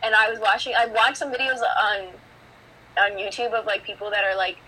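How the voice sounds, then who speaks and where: A woman's voice: medium pitch, steady tone, brisk, bright, forceful tone, breathy edge, rough recording. A teenage girl chatting casually on a podcast, winding through her thoughts with lots of fillers. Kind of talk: casual chat.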